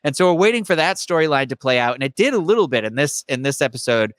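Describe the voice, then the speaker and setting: A man's voice: on the high side, big pitch swings, fast, fairly bright tone, dry recording. A man co-hosting a podcast, eagerly explaining things in a rambling, casual chat. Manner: enthusiastic, rambling fan explanations. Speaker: podcast co-host.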